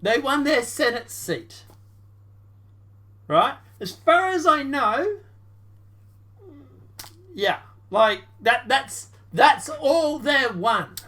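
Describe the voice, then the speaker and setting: A woman gives casual, sarcastic reaction commentary on a political debate, rambling with restarts and mock-quoting voices. Her voice is high-pitched and fairly bright, with big pitch swings, drawn-out words and long pauses.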